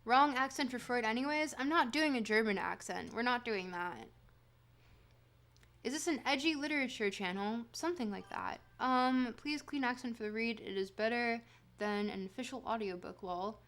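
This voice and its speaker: Woman streamer reading old philosophy on stream, kinda high voice, reads in a put-on accent, trips over words and fixes them, jokes around with chat. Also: expressive, normal speed, a bit bright. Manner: reads in a put-on accent, stumbling and self-correcting; playful and self-mocking with chat. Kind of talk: livestream reading with chatty asides to chat.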